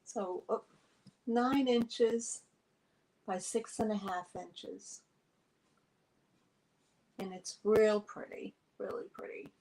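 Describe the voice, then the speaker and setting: Unhurried New York woman selling vintage. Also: mid-range voice, a little mellow, rough recording. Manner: chatty, friendly, many fillers. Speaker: online vintage seller. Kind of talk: live sale chat. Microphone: phone.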